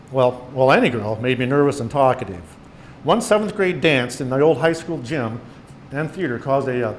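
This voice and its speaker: A man's voice: medium pitch, a little hiss or hum. A man in his sixties, an author reading his memoir stories aloud to an audience in a meeting room, bringing the quoted lines to life as he goes. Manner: storytelling with animated quoted voices. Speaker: author giving a presentation.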